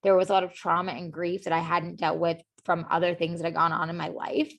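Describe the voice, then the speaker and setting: Speaking a little fast with a flat delivery, this podcast guest has a lowish, slightly bright voice with vocal fry. She tells her personal story earnestly and with emotional openness in conversation, filling it with lots of "like" and "you know."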